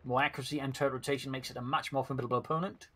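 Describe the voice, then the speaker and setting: A man's voice: mid-range voice, fairly even intonation, rapid-fire, bright, forceful tone, a little hiss or hum. A man co-commentating a strategy video game, matter-of-fact and analytical.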